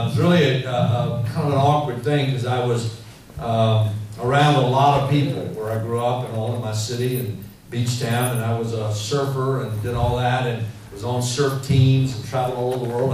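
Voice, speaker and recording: A man preaching a sermon in a church, telling stories in an animated, rambling way full of fillers. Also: mid-range voice. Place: church hall. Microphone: handheld mic. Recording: echoey hall, mic heard from far off, faint noise.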